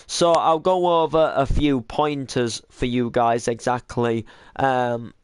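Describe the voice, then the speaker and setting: A man livestreaming in a casual, rambling way, his voice a little croaky from a sore throat. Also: medium pitch, steady tone, slow, dry recording, studio quality. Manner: rambling, lots of fillers and repeats. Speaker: streamer and YouTuber.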